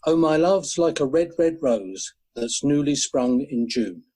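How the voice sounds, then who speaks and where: Man, husky, poetry reading, gentle measured recitation, online call. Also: a little high, lively intonation, rough recording. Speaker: poetry reader.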